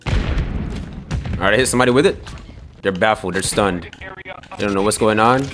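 A man's voice: lowish voice, normal speed, pauses often, background noise. A young man swearing and trash talking as he comments on his own gameplay. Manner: excitable, swearing trash talk. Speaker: gamer.

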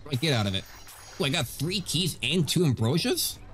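A man giving gameplay commentary as a video host, animated and ranting. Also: on the high side, moderate pace. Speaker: gaming YouTuber.

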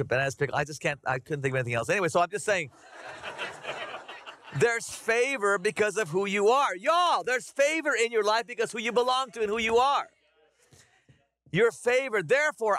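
A middle-aged man preaching a conversational, animated sermon to his congregation. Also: high voice, no echo. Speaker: pastor. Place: church sanctuary.

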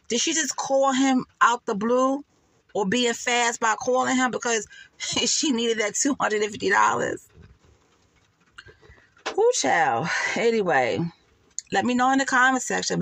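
Sassy woman dishing gossip, lively pitch. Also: vocal fry, dry recording. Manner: sassy, laughing, calls listeners honey and child. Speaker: gossip commentator. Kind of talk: casual commentary vlog.

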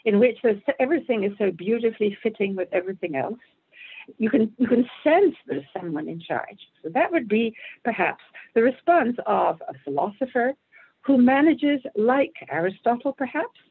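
A woman's voice: a little high, husky. A woman teaching a lecture on Jewish texts, thoughtful and probing, posing questions aloud and rephrasing as she goes. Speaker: Torah teacher. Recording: tinny phone-like line.

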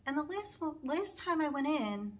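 A woman's voice: sits high, sing-song, normal speed. A middle-aged woman telling a personal story in a casual vlog, rambling and heartfelt, her voice wavering toward tears. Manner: rambling and heartfelt, with frequent fillers and restarts. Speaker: cross-stitch vlogger.

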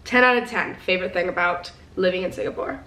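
A woman's voice: lowish voice, fast talker, bright, forceful tone. A teenage girl chatting casually to her viewers in a rambling, filler-heavy way. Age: teens. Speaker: vlogger. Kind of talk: casual vlog chat to viewers. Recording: roomy sound, some distance from the mic.

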